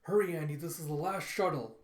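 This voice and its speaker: A man's voice: on the high side, a little fast, close to an everyday voice. Comic-reading voice: man doing a raised, urgent sci-fi mom, echoey room. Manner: urgent, pleading. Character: frantic mother fleeing a mining colony.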